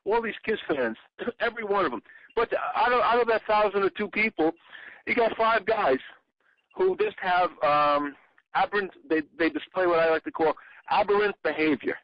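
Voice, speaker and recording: A man's voice: high voice, normal speed, no room sound. An older man, a guest in an interview, telling long stories in casual talk and acting out the lines he quotes. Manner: animated storyteller, acts out quoted lines in a raised voice. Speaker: interview guest, former bandmate and exhibit designer. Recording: dull lo-fi call audio.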